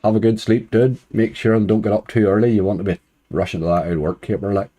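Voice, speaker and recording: A man's voice: on the low side, fairly even intonation, quick pace, dark tone. A man hosting a casual live stream, chatting and greeting viewers one by one with easy chuckles. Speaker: slots streamer greeting chat.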